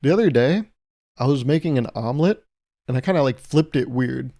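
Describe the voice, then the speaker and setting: A man's voice: medium pitch, fairly quick, mellow. A man hosting a solo comedy podcast, rambling through stories in a self-mocking way and laughing often. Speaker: podcast host.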